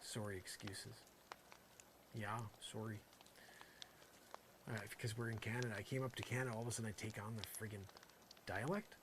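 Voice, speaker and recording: A man's voice: lowish voice, fairly even intonation, rapid-fire, background noise. A man doing an improvised comedy monologue in character, rambling and exasperated, full of "you know" asides.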